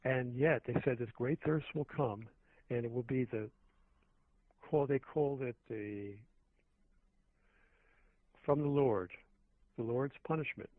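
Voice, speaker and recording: A man calls in as a talk radio guest and rambles on earnestly, restarting his sentences as he goes. His voice sits at an ordinary pitch, and it comes through a thin, tinny phone line with a dry sound. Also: slow, pauses often, no room sound.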